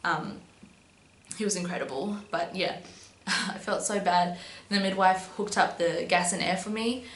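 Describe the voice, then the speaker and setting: Unhurried and low-voiced, a young woman shares a personal story on her vlog in an easy, chatty tone. Filler like "um" and "but yeah" comes up often, and the room sounds echoey with a faint hum underneath.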